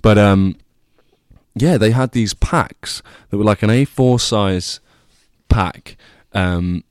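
A man's voice: on the low side, slow pace, a little mellow, clear, resonant tone, no room sound, studio quality. A young man vlogging, telling a rambling, self-deprecating story with casual swearing.

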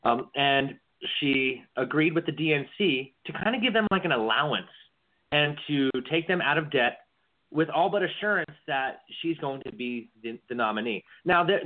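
A man's voice: a little high, expressive, brisk. A man co-hosting a casual political podcast, rambling and often repeating words as he starts a sentence. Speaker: podcast co-host. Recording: tinny phone-like lo-fi audio.

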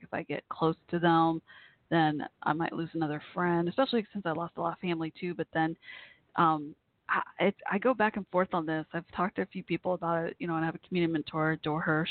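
A woman hosting a call-in talk show, speaking haltingly through tears with many fillers and restarts. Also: fairly low pitch, dry recording. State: near tears. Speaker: host. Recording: tinny phone-line audio.

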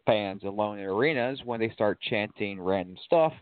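A man's voice: lowish voice, animated, normal speed, smooth, dry recording. A man co-hosting a casual wrestling talk podcast, opinionated and blunt. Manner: opinionated, swears casually, laughs along. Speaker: podcast co-host. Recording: tinny phone-like line, dry.

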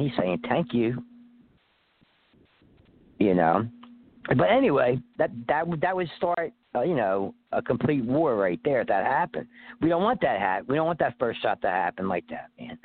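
Guy calling in on a tinny phone line, cussing a lot, pitch jumps all over while he rambles. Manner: profane, rambling, streetwise. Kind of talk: casual phone-in chat.

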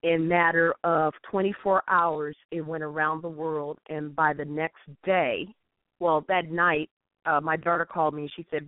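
A woman's voice: sits low, steady tone, moderate pace, no room sound. A woman from St. Louis calling in to a talk show, telling an impassioned story with quoted dialogue. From St. Louis, USA. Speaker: call-in guest. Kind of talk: phone call-in talk show. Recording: tinny dry phone line.

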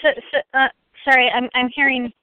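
A woman's voice: high-pitched, flat delivery, brisk. A woman hosting a casual podcast chat, arguing her point with many restarts. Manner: argumentative, restarts a lot. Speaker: podcast host. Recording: tinny phone-like line.

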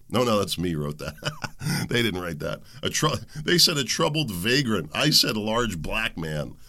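A man's voice: on the low side, sing-song, a little slow, pushed and bright. A man hosting his own talk show, ranting in an angry opinion monologue and mocking the people he quotes. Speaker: podcast host.

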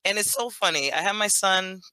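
A woman in her thirties chatting as a podcast guest, telling animated stories with frequent laughter. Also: medium pitch, brisk, no room sound. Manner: animated storyteller, laughs often, acts out quotes. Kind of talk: casual interview chat.

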